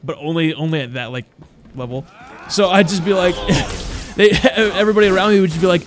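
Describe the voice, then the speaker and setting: A man's voice: high-pitched, a little fast. A young man streaming a game, chatting casually in a playful, self-mocking way. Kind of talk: casual commentary while gaming.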